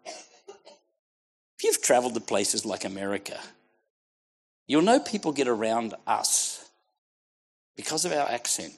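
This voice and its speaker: An Australian man delivers a fervent sermon, exhorting his listeners as he moves from quiet, intimate lines to ringing declarations. His pitch swoops widely and animatedly from phrase to phrase. His voice sits in a middle register. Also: very animated, measured pace, long pauses. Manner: fervent, exhorting, swings from hushed to shouting. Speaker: preacher.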